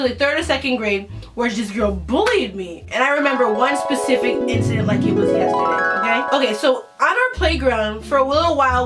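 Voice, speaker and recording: A teenage girl telling a story from her school days to the camera, casual and animated. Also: fairly high pitch, distant mic. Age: teens. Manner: animated, dramatic retelling with acted-out quotes. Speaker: vlogger.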